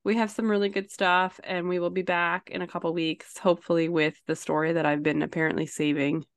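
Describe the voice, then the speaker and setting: A woman's voice: on the low side, little pitch movement, brisk, dry recording. A woman co-hosting a podcast as a social worker and mom, chatting casually and rambling with self-deprecating asides. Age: young to middle-aged mom. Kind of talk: casual chat.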